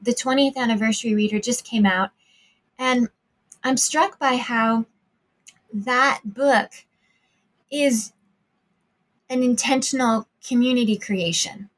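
A woman hosting a podcast interview, asking thoughtful, measured questions. Her voice sits somewhat high. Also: fairly bright tone, low-quality recording.

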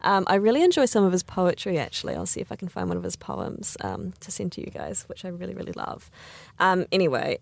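A woman's voice: on the low side, big pitch swings, quick pace, creaky, few pauses, no room sound. A woman co-hosting a podcast in casual chat, rambling with lots of fillers and frequent laughter. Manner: chatty, rambling with many fillers, laughs often. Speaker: podcast co-host.

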